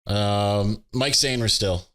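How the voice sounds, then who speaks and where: A man's voice: lowish voice, takes it slowly, fairly bright tone. A young man hosting a sports podcast from home, reading out listener questions and answering them in a chatty, offhand way, laughing at himself now and then. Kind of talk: casual sports podcast chat. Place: at home with his dog on his lap.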